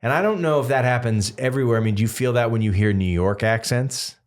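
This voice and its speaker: A man's voice: mid-range voice, fast. A man in his fifties from Massachusetts, a singer-songwriter telling stories in a loose, rambling way with lots of fillers. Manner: rambling, animated storytelling full of fillers. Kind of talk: casual interview chat.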